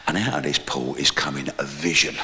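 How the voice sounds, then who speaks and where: A man with a London accent doing a live stand-up routine, telling crude stories in a brash way and shouting his punchlines. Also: a bass voice, brisk, long reverb tail. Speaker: stand-up comedian. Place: live comedy venue.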